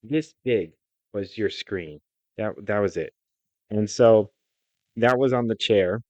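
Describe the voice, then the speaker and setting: A man with a low voice co-hosts a podcast and tells stories in loose, casual chat. He is blunt and wry, with offhand swearing. The recording is dry and a little dull, with no room echo. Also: slow, a little mellow. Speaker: podcast co-host. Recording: dry, slightly dull sound.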